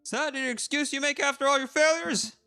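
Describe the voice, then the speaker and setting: A man's voice: high-pitched, big pitch swings, brisk, a bit bright, faint music behind, voice pushed up. A man voicing a scornful male rival lawyer who talks down with contempt. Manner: contemptuous, lecturing.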